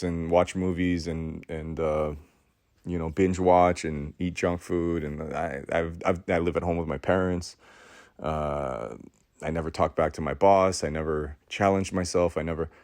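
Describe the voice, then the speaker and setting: A man giving an impassioned podcast monologue in a preachy, intense way, repeating words for emphasis and swinging between loud outbursts and hushed passages. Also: sits low, no room sound, clean studio sound. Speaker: podcast host.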